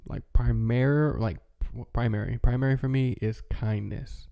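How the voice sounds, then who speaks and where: A man's voice: medium pitch, steady tone, normal speed, gravelly, smooth, lo-fi sound. A man in casual, rambling chat as a vlogger, with many fillers and restarts. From American Midwest. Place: home, with his dog nearby.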